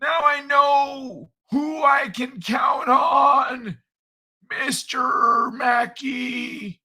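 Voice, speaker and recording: A man putting on shouty cranky old man. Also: very high voice, fairly even intonation, drawn-out words, slightly rough, voice pushed up, full character voice. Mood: grumbling. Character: cranky loud old man, grumbling, self-important. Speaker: streamer's recurring character. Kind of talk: live-stream improv character.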